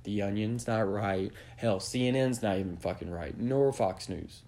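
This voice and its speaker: A man's voice: fairly low pitch, moderate pace, mellow. A man hosting a podcast, delivering a blunt, profanity-heavy rant that lectures his listeners. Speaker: podcast host. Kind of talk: opinionated rant.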